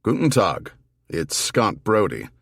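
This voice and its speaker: A man's voice: on the low side, huge pitch swings, slow, creaky, a bit bright, breathy edge, dry recording, pitched above the performer's own voice, exaggerated voice. A man as a dry, businesslike army investigator.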